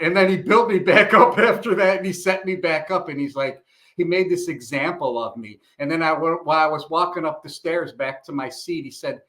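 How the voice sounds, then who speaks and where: A man's voice: fairly high pitch, moderate pace. A middle-aged man, a retired police chief from Illinois, telling stories in a casual interview and acting out the voices of the people in them. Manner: animated storyteller, acts out quoted dialogue.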